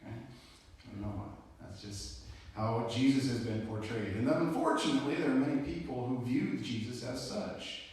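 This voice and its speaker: A man's voice: mid-range voice, normal speed, darkish tone. A man preaching a sermon as pastor, telling the story in a conversational way with casual asides. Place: church sanctuary. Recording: echoey church hall from far off.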